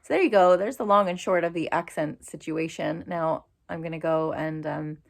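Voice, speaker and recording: A woman in her forties with an American New Jersey accent, from the United States, chats casually in a vlog and laughs often. Her voice is fairly low and gravelly, at normal speed.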